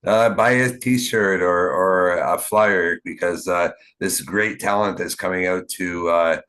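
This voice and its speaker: A man from Canada hosting a podcast, talking in a casual, rambling way with many fillers and halting restarts. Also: low-pitched, fairly even intonation, a bit bright. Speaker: podcast host. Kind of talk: casual interview chat. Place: small town.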